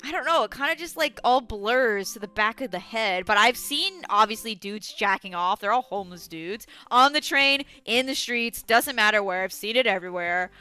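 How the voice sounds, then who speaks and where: A woman's voice: a little high, expressive, moderate pace, hardly any pauses, bright, forceful tone, clear, resonant tone, soft background music. A young woman from New York streaming and ranting to chat, swearing constantly and answering viewers with outrage. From New York City. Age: young adult. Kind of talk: casual livestream chat.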